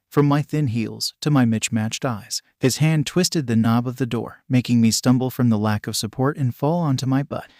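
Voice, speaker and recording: A man narrating a first-person fan fiction story in a steady, even reading voice. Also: mid-range voice, no echo, studio quality.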